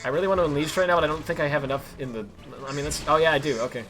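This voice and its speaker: A man streaming himself playing a game, chatting casually and yelling in frustration when play goes wrong. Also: on the high side, very fast. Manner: excitable, yells at the game when things go wrong. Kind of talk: live-streamed gameplay commentary. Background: faint game music.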